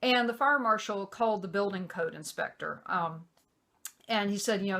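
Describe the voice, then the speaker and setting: A woman's voice: medium pitch, moderate pace, creaky, bright, forceful tone. A middle-aged woman vlogger telling a personal story casually, exasperated and rambling, with many fillers.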